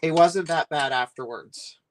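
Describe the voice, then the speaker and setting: A man's voice: on the high side, measured pace. A man streaming live while he builds a set, rambling and chatty, complaining with a laugh.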